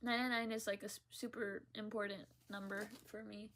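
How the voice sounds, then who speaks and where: A woman's voice: medium pitch, little pitch movement, brisk, fairly bright tone. A young woman chatting casually about books in a home vlog. She rambles, says "like" constantly, swears offhandedly and laughs often. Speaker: book vlogger.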